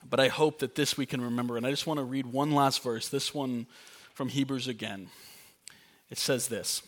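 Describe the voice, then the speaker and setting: A man's voice: mid-range voice, steady tone, a little fast, fairly bright tone. A young adult man preaching a sermon as pastor, earnest and conversational with playful asides.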